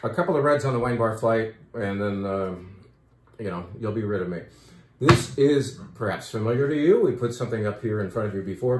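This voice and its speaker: A man's voice: fairly low pitch, darkish tone, reverberant, a little hiss or hum. A man who runs a wine shop, chatting enthusiastically about the wines on offer in a casual, rambling way. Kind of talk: casual wine talk video.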